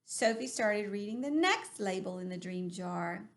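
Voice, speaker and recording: A woman reading a children's book aloud as an animated storyteller. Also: medium pitch, a little slow. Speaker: reader.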